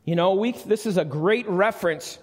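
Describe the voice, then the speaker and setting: A middle-aged man with a high voice preaches a conversational sermon at a moderate pace, posing questions to the congregation. It's a live recording in a church sanctuary with long reverb.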